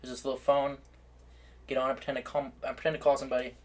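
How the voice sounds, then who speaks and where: A young man co-hosting a podcast chats casually, his medium-pitched voice showing little pitch movement. He laughs his way through funny stories and tosses in quick asides.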